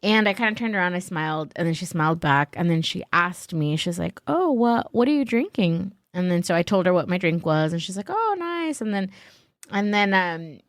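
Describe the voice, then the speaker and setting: A woman's voice: a little fast, dry recording, clean studio sound. A woman guest on a podcast, telling a story in casual chat, full of fillers and acted-out quotes. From Los Angeles. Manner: animated, acts out quotes in a higher voice, many "like" fillers.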